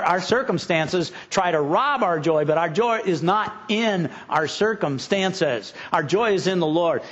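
A middle-aged man with a high voice, preaching a sermon in a homespun, conversational way. He often stumbles and repeats words as he starts his sentences. The recording sounds dull and muffled. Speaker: pastor.

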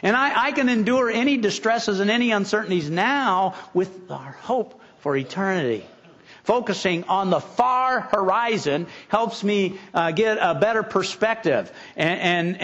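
High-voiced man preaching a folksy sermon. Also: a bit bright, dull audio. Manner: folksy, repeats words when starting sentences. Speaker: pastor.

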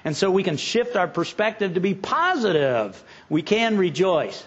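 A man's voice: high-pitched, big pitch swings, moderate pace, breathy edge, muffled recording. A middle-aged man preaching a sermon in a folksy way, often repeating words as he starts sentences. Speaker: pastor.

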